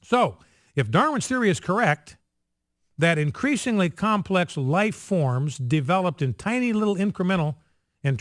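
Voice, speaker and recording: A man talking on the radio in an emphatic, insistent way, repeating his key points again and again. His voice sits high and swings widely in pitch. The studio sound is dry and close. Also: no room sound. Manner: emphatic, repetitive, insistent, drills points by repetition. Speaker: radio host. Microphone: studio microphone.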